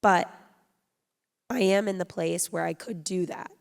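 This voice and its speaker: A woman speaking on a panel in a low, relaxed, conversational way. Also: measured pace, creaky, clear, resonant tone. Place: theatre stage. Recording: long hall reverb.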